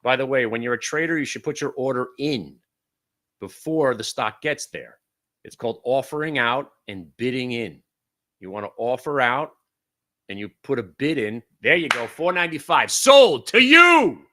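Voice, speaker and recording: A brash man runs a live trading room and calls out trades as they happen. His voice is bright and forceful, and he swings between loud outbursts and low, muttered asides. He swears casually as he talks. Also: moderate pace. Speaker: day-trading room host.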